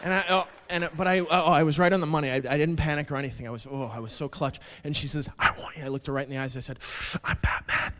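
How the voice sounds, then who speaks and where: A man doing a stand-up comedy set on a club stage, deadpan and self-deprecating, slipping into mock quotes. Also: a little high, rapid-fire, hardly any pauses. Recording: club stage with long reverb, faint noise.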